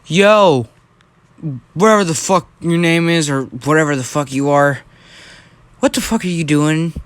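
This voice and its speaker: A man voicing a calm young male hero making a dark deal, in a flat, matter-of-fact way. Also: a little high, unhurried, smooth, natural voice. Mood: blunt.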